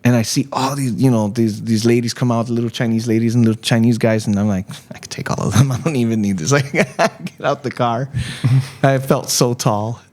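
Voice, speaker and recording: A man's voice: medium pitch, moderate pace. Laughing man telling a story. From Chicago. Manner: animated, laughs often, acts out quoted voices. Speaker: guest artist. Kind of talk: casual storytelling chat.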